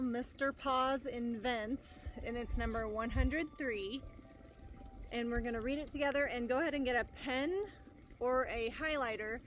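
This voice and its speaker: Cheerful teacher woman, slow and encouraging. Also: a little high. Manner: slow, careful read-aloud delivery. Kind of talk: remote reading lesson for young students. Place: outdoors in her garden. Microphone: laptop microphone. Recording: outdoor wind noise. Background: wind.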